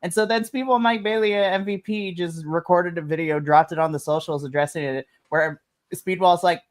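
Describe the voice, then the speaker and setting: A man's voice: high voice, steady tone, moderate pace. A man hosting a casual podcast from a remote stream mic, with a voice in a middle range. He runs through the news with plenty of "you know"s and laughs between points. Then he passes the talk to his co-hosts. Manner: recaps news with laughs and fillers, hands turns to others. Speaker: podcast host. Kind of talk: casual wrestling podcast chat.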